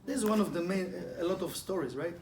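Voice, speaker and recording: A man with a high voice teaches Kabbalah in an informal spiritual lesson full of stories. He talks fast and stays animated, laughing often and acting out quotes and sound effects. The room is echoey, with faint ambient noise.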